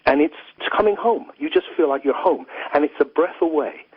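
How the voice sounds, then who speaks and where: An earnest man from England talks through spiritual ideas in a flowing, reflective way, leaning on "you know". His voice is a little husky. It comes over a dry, tinny phone line. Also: fairly high pitch, expressive, fairly quick, no room sound. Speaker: philosopher and guest. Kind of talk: reflective interview talk.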